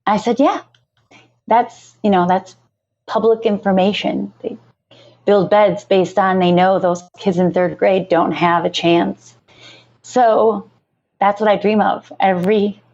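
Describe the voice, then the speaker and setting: Earnest woman on a muffled line. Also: medium pitch. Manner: earnest, passionate, repeats herself. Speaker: nonprofit founder, guest. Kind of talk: emotional podcast interview. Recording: muffled lo-fi audio.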